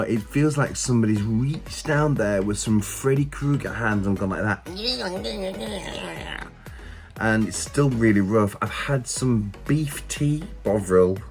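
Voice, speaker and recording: Poorly middle-aged guy moaning to the camera, deep-ish voice, music in the background. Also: rough recording. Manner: chatty, self-pitying. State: unwell and weak. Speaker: vlogger. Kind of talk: casual vlog chat.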